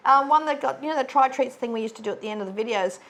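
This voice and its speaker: A woman co-hosting a stitching channel, chatting casually and rambling with many fillers and restarts, seated on a bed in a dark room. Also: sits high, rapid-fire. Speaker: co-host of a stitching video channel. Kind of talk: casual chat. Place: dark bedroom, sitting on a bed.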